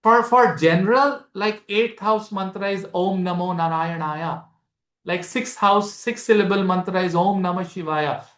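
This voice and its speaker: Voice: medium pitch, measured pace, a bit bright. Echoey Indian-accented astrology teacher, repetitive. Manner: explanatory, repeats key phrases, mixes Hindi into English; addresses students directly with questions. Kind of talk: live masterclass lecture. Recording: echoey room.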